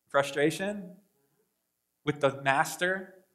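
A pastor delivering a lively sermon in a high, bright voice. He acts out voices and swings between loud bursts and hushed asides. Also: slow, long pauses. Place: church sanctuary.

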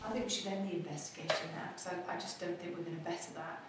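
A woman presenting a ghost-hunting show, talking excitedly on location. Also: on the low side, very fast. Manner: excitable, gasping, animated. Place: dark old building at night. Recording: echoey, distant, noisy location audio.

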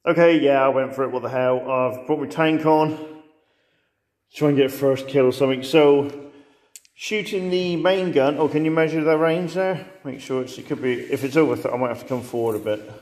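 Here a host playing a tabletop wargame offers relaxed, joking commentary peppered with quick asides. His voice sits at a medium pitch with a slightly mellow quality, and the recording has the long reverb of a roomy hall.

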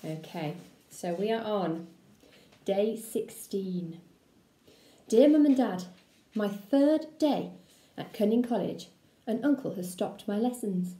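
A woman primary school teacher reading a children's book aloud to her class, with an expressive, playful delivery. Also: medium pitch, slow pace, long pauses, reverberant.

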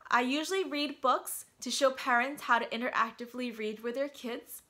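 Woman reading a picture book to kids, animated and expressive, with a bright tone. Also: high-pitched, normal speed. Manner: animated, gasping at surprises. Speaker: doctor and mom reading to kids.

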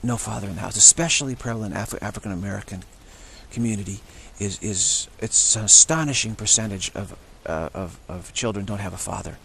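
A man's voice: lowish voice, a little fast, vocal fry, a bit bright, slight background noise. A man talking in an unscripted, rambling monologue, often restarting and repeating words. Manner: acts out short quoted voices of others. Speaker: spiritual channel host.

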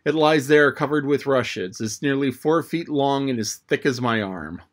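A man's voice: mid-range voice, moderate pace, natural voice. A man reading a thoughtful, studious boy. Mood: matter-of-fact.

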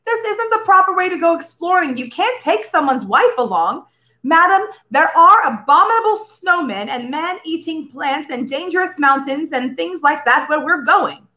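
A woman's voice: very high-pitched, lively intonation, moderate pace, pushed and bright, pitched above the performer's own voice, heavily acted. A woman voicing a boastful, self-important male explorer in a read-aloud storybook. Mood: indignant. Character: boastful pompous male explorer, grown man.

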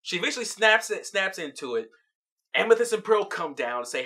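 A vlog host giving an animated, casual recap of a cartoon episode, laughing often as they tell it. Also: mid-range voice, quick pace.

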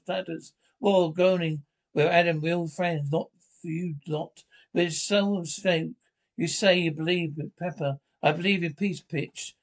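Man reading a drama aloud, fairly high voice. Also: low-quality recording. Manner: reads character lines in his own voice with stage cues. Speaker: audio description reader. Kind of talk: reading an audio-described drama with all the voices.

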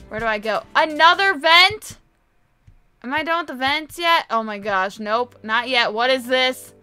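A woman giving casual gameplay commentary, chatty and excitable, quick to gasp and exclaim. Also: a little high, clean tone. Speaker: gamer, video host.

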